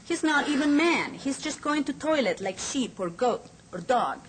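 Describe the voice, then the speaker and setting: A woman's voice: high-pitched, animated, normal speed, a little hiss or hum, voice pushed up. A woman reading aloud a brutal male militia commander's words, harsh and barking commands at a child. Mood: harsh, commanding.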